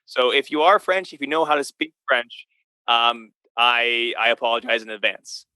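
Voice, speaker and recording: A man's voice: mid-range voice, steady tone, moderate pace, pushed and bright, clean tone, dry recording. A man, a priest, co-hosting a podcast in casual chat, teasing and encouraging. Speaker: priest co-host.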